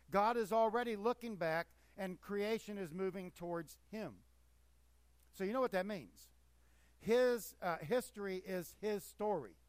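A pastor preaching a sermon with emphatic force that rises and falls. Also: male voice, sits high, smooth, dry recording.

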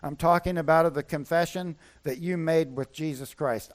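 A man's voice: a little high, normal speed. A man preaching a sermon as pastor, emphatic and repeating his key points.

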